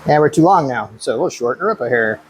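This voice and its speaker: A man casually talking through his truck build in a workshop, relaxed and thinking aloud as he works. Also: medium pitch, fast talker, a little hiss or hum. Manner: relaxed and hands-on, thinking aloud while working. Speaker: car builder and channel host. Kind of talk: casual shop talk explaining a build.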